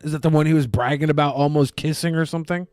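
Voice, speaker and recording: A man's voice: a little high, steady tone, fast, darkish tone, no echo. A man co-hosting a podcast, making sarcastic, insulting jokes in casual banter. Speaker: podcast co-host.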